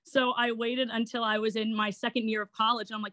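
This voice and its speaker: A woman's voice: on the high side, quick pace, hardly any pauses, no room sound. A woman in her twenties with a Long Island accent, chatting as an interview guest and laughing as she tells her story. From Long Island, New York. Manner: chatty and giggly, animated retelling. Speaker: guest, actor and online entertainer. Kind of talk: casual interview chat.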